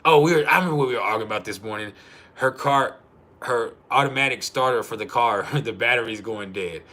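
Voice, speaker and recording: A man's voice: mid-range voice, brisk, bright, forceful tone. A man talking casually on a livestream, swearing freely and laughing often as he tells stories. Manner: profane, laughing storyteller. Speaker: livestream host.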